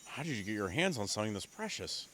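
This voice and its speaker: A man's voice: lowish voice, very animated, quick pace, a bit bright, slight background noise. A man reading aloud as a cheerful male musician in a video game, with a chipper, showy delivery.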